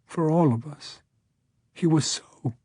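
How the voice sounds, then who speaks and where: A man's voice: mid-range voice, normal speed, a little mellow, husky, no room sound, close to an everyday voice. A man voicing a shaken young woman judge, her voice cracking as she pleads through tears. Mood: tearful.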